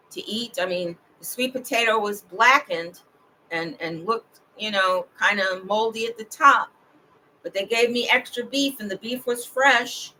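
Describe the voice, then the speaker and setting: A woman at home giving a rambling, digressive livestream monologue, talking slowly and drawing out her words. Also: medium pitch, sharp tone, slight background noise, low-quality recording. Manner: slow, digressive and drawn out.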